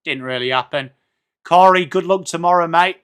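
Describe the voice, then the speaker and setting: A man's voice: on the high side, normal speed, a bit bright, smooth. An English man hosting a live football watchalong stream, chatting casually and greeting viewers by name with jokey asides. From England.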